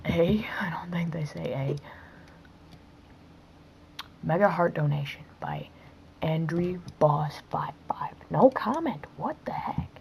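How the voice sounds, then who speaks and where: A woman giving let's-play game commentary in a lowish, unhurried voice. She jumps into sharp excited yelps, then drops to muttered whispered asides, with a faint hiss of room noise underneath. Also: creaky. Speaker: gaming video host.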